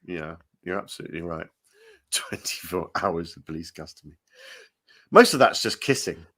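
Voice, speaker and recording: A man hosts a comedy show in casual banter. He giggles often and jumps into silly voices. His pitch moves around a lot as he talks. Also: animated, moderate pace, fairly bright tone, a little hiss or hum.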